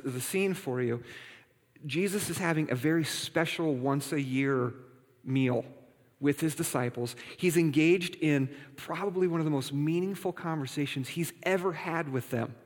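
Man preaching in a reverberant hall. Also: a little high. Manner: conversational, playful asides to congregation. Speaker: pastor. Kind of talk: sermon.

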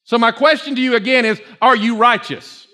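A male pastor delivers a fervent sermon in a strikingly high, bright voice. He repeats himself as he builds and pushes toward near-shouts, speaking to a congregation in church. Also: brisk.

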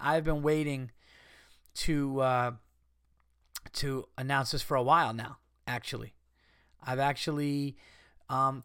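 A man's voice: medium pitch, fairly bright tone, smooth, no echo, clean studio sound. A man in his thirties with an American accent, hosting a podcast in a casual comedic monologue, ranting and swearing with exasperation. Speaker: podcast host.

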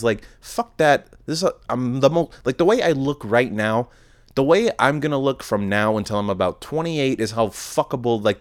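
A young man in his twenties hosting a podcast, telling a rambling, profane, self-deprecating story about a night out. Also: mid-range voice. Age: 20s. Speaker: podcast host. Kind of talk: casual storytelling monologue.

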